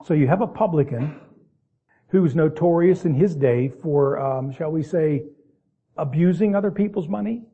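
A man preaches by reading King James verses and then explaining them in plain, folksy asides, sometimes drawing words out slowly for emphasis. His fairly high voice has a breathy edge, and the sound is phone quality.

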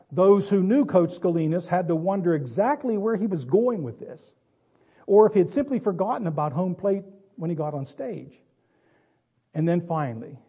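Man storyteller, high voice, mellow tone, dramatic pauses, dull lo-fi recording. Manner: dramatic pauses, wry asides. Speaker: speaker. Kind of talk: storytelling speech.

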